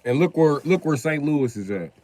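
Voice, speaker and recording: A man's voice: a little high, lively intonation, moderate pace, a little mellow, no echo. A man streaming gameplay, chatting casually and rambling with lots of profanity. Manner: profane, rambling, tosses in "you know what I mean".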